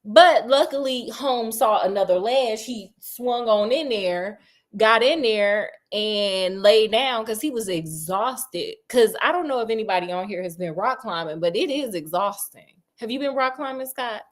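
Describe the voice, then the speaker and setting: A woman's voice: on the high side, lively intonation, unhurried. A young adult woman hosting a casual retelling of a classic story, chatty, sassy and slangy, asking a listener questions. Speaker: storyteller host.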